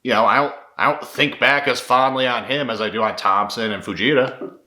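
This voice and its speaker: Man, casual commentary, profane, rambling, bright voice, echoey room. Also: medium pitch, a little fast. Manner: candid, profane, rambling with restarts. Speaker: MMA commentator and former fighter.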